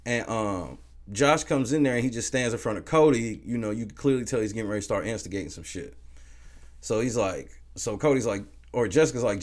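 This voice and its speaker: A man's voice: fairly low pitch, lively intonation, a little fast. A man hosting a casual recap, talking loosely with profanity and laughing as he retells events. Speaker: show recap host. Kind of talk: casual reality-show recap.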